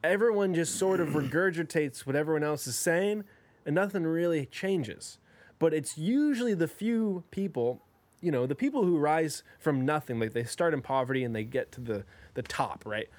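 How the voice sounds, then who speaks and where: A man's voice: a little high, lively intonation, normal speed, darkish tone, dry recording. A young man co-hosting a podcast in a casual chat, rambling and jokey with lots of swearing. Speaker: podcast co-host.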